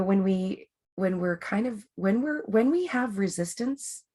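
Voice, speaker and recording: A woman's voice: on the low side, vocal fry, warm tone, husky. A woman life coach hosting a webinar, talking in a chatty, rambling way with many fillers and restarts. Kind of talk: casual coaching talk.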